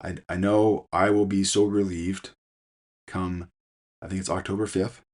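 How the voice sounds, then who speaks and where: A man with a low, deep voice talks through his coaching advice in an unscripted solo podcast. He sounds middle-aged and conversational, circling back with "you know" and false starts as he thinks aloud. The delivery is plain and earnest rather than polished. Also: flat delivery, measured pace. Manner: conversational, many fillers and restarts. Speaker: fitness podcast host and coach. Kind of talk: casual solo podcast talk.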